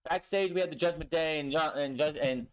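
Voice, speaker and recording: A young man talks through a wrestling episode in a loose, casual way, swearing freely and growing frustrated at storylines that drag on. His voice sits a little higher than most men's. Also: fairly quick, clean tone. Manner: blunt, frustrated, swears a lot. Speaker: wrestling show reviewer. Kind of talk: casual recap with profanity.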